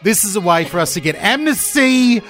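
A man's voice: sits high, soft background music. A man hosting a breakfast radio show, bantering energetically and stretching out words when he mock-rants. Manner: energetic, mock-ranting, drawn-out emphasis. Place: radio studio. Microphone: studio mic.

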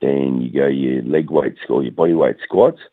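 Very deep Australian man on a phone line. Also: moderate pace, no echo. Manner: laid-back, laughing. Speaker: fitness guest. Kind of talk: casual phone chat.

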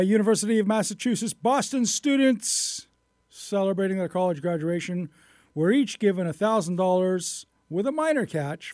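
Man reading news items, higher voice, dry close sound. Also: a little mellow, dry recording. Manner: brisk newsreader delivery. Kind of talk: reading short news stories.

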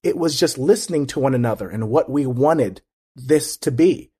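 A man's voice: medium pitch, animated, moderate pace, mellow, husky. A man as an interview guest, talking in an earnest, reflective way with frequent restarts. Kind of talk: casual conversation.

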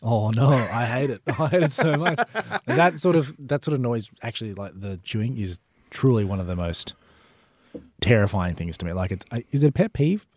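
A man's voice: mid-range voice, expressive, moderate pace, darkish tone, slightly rough, dry recording, studio quality. A young Australian man co-hosting a breakfast radio show, telling stories in a rambling way with lots of fillers. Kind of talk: casual chat. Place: radio studio.

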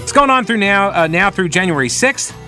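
A man's voice: sits high, fairly quick, faint music behind. A man hosting a talk radio show, giving sarcastic, opinionated commentary on a studio mic. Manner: animated, sarcastic, mocking asides.

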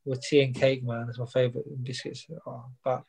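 A man's voice: medium pitch, little pitch movement, brisk, darkish tone, slight background noise, poor audio. A young man, a boxer chatting casually in an interview and rambling with plenty of fillers and repeats. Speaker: boxer guest. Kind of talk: casual chat.

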